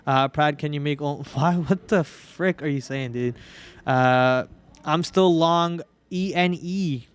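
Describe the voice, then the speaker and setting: Smooth-voiced young man, casual trading host. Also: on the high side, slow pace. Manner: joking, melodramatic whining about losses. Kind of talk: casual live trading commentary.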